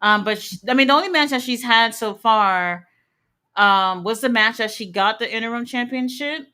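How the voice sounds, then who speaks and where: Reading out messages from chat, this wrestling watch-along host speaks at a moderate pace in a smooth, sharp-toned voice on the high side. Her talk is casual, with blunt opinions and an odd swear word here and there.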